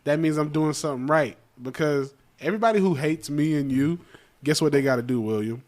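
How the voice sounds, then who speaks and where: A man's voice: on the high side, fairly quick, a little mellow. Profane, slangy male comedian. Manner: loose, profane street slang, emphatic. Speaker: comedian and podcast co-host. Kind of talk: casual podcast banter.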